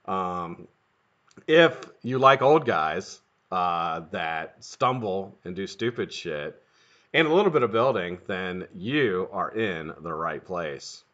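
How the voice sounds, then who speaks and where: A middle-aged man chats on a live stream, his bright, forceful voice swinging widely in pitch. He rambles and swears between greetings to viewers. The audio is dull and lo-fi. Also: animated, takes it slowly. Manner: profane, rambling, jokey.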